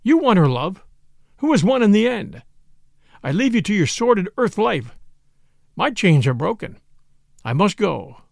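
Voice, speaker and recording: A man's voice: high-pitched, sing-song, unhurried, vocal fry, pauses often, dry recording, studio quality, heavily acted. A man reading an audiobook voices a mad, exultant male priest, wild and then cold and scornful. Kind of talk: audiobook character voice.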